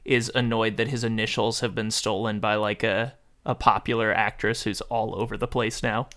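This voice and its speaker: A man's voice: fairly low pitch, little pitch movement, normal speed, a bit bright. A man co-hosting a casual podcast chat, rambling and full of fillers. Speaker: podcast co-host.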